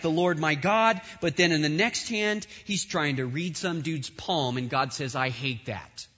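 Animated man preaching in a reverberant hall. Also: a little high. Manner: animated, conversational preaching with asides and jokes. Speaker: pastor. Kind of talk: sermon. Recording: dull sound with long hall reverb.

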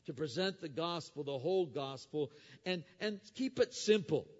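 A man preaching a sermon. He moves between quiet explanation and loud, emphatic preaching, and he asks the audience rhetorical questions. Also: a little high, lively intonation, normal speed. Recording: dull sound with long hall reverb.

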